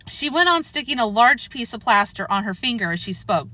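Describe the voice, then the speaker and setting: Woman narrating a storybook, bright tone. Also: medium pitch, fairly quick, few pauses.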